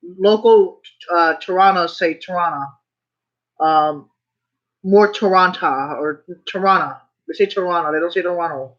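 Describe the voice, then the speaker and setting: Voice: mid-range voice, unhurried, pauses often, fairly bright tone. A vlogger talking in a casual rant, rambling, repeating phrases and swearing when worked up. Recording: slightly muffled recording.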